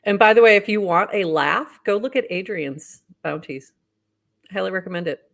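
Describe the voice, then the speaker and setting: A woman's voice: mid-range voice, normal speed, vocal fry, fairly bright tone. A woman co-hosting a casual talk show, upbeat, reading posts aloud and laughing often. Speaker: podcast co-host. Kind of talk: casual news roundup chat.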